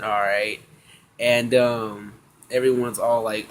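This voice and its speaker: Slangy excitable male anime reviewer. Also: medium pitch, moderate pace. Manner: slangy, excitable, acts out characters' lines with laughs. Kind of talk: casual episode recap.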